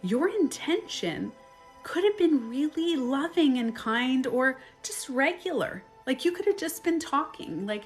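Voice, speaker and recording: A woman talking casually on a live stream as a coach, chatty and animated. She acts out quoted phrases and laughs often. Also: high-pitched, unhurried, faint music behind. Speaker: life and beauty coach. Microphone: phone.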